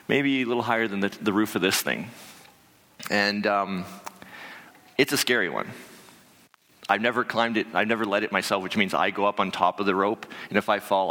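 Man telling a story in a hall. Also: lowish voice. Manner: animated, conversational, many fillers and restarts. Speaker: speaker telling a climbing story to an audience. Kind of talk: live storytelling talk.

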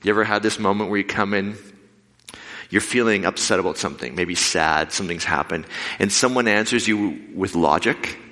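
A man preaching a sermon with lively storytelling, acting out the voices of the people in his stories. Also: deep voice, moderate pace. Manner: animated, acts out quoted voices. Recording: long hall reverb.

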